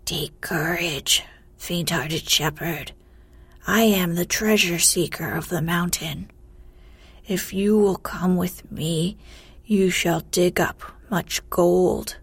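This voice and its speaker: A woman voicing an ancient male mountain spirit who guards a treasure, with a hoarse, grating voice. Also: lowish voice, slow pace, dry recording, exaggerated voice. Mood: mocking.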